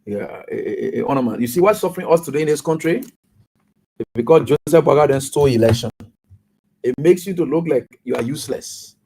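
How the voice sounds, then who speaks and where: A man's voice: mid-range voice, lively intonation, a little fast, vocal fry, dark tone, a little hiss or hum, rough recording. A man with a Liberian English accent hosting a radio talk show, chatting casually, greeting listeners by name and giving moral advice.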